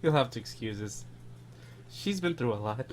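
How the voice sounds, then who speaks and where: A woman's voice: a bass voice, lively intonation, moderate pace. A woman playing a tabletop game, teasing and swearing casually. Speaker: player.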